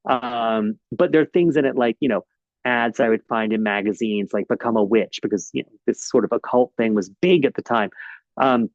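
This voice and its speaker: A man speaks casually to an audience, a lively storyteller who keeps dropping little ums and uhs. His voice sits at an ordinary middle pitch. The recording is a bit muffled and dry. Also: moderate pace, dry recording. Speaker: author giving a library talk. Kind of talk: casual presentation. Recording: slightly dull, dry recording.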